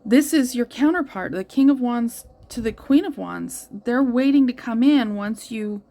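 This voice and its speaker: A woman's voice: fairly high pitch, animated, unhurried, mellow. A woman giving a tarot reading to her viewers, earnest and reassuring, thinking aloud as she lays out the cards. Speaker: tarot reader.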